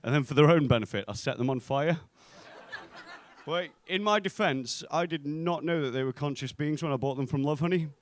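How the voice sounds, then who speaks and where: Performing stand-up in a club, a young man from England's North West impersonates people from his anecdotes and keeps his punchlines dry. His voice is fairly high and his delivery brisk.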